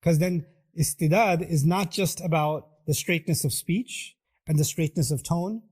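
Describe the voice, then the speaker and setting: A man's voice: on the high side, unhurried, darkish tone, breathy edge. A middle-aged man giving a sermon, asking the audience rhetorical questions and acting out quoted voices. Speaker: preacher.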